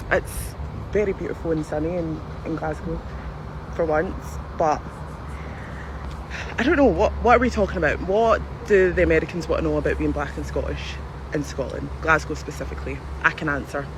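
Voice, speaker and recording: A man's voice: a little high, moderate pace. Rambling man on a busy street. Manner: hesitant, rambling. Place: outdoors in a city street. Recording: street noise and passing traffic.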